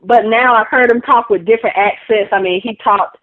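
Woman, casual tv recap chat, animated fan talk, fairly high voice, dry tinny phone sound. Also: fairly quick, no room sound. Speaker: podcast co-host.

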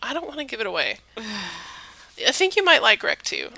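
A woman's voice: on the high side, very animated, normal speed, creaky, sharp tone, breathy edge, no echo. A woman in her twenties from Texas co-hosting a casual podcast, chatty and a bit tipsy, often trailing off mid-thought. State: a little tipsy. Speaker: podcast co-host. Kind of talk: casual chat.

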